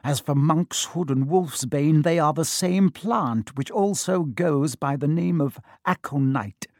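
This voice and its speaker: A man voicing a cold, sneering male potions teacher who speaks slowly, low and cutting. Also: darkish tone, dry recording, clean studio sound.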